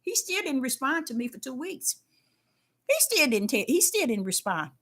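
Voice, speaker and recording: An older woman giving a casual spiritual testimony, folksy and emphatic, repeating herself and swinging between loud and hushed. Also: high voice, big pitch swings, moderate pace. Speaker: faith talk host.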